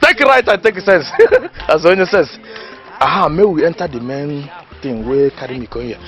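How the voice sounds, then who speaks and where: An actor playing a boastful, know-it-all village man who lectures his friend in Nigerian Pidgin, loud and laughing at his own jokes. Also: on the high side, expressive, normal speed. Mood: lecturing. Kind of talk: comedy film acting.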